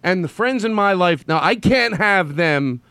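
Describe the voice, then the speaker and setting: A man giving an unscripted personal monologue, rambling with stammered restarts and blunt swearing, swinging from quiet musing to loud impassioned ranting. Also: high-pitched, animated, measured pace, clean tone, no room sound.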